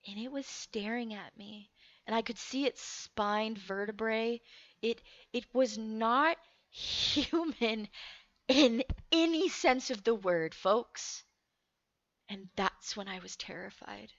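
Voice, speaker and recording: A young woman recounts a scary personal experience in a casual, halting way, stumbling over her words and swearing often. Her voice is bright with a gravelly fry at the edges. The recording is dry and slightly dull. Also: a little high, no echo. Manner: shaky, halting, swears freely. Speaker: storyteller. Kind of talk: casual storytelling.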